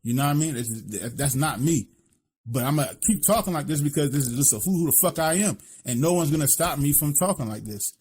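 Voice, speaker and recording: A man's voice: on the high side, expressive, brisk, darkish tone, husky. A man from Philadelphia with a Philly accent, co-hosting a podcast in blunt, profane casual talk, constantly asking "you know what I'm saying". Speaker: podcast co-host.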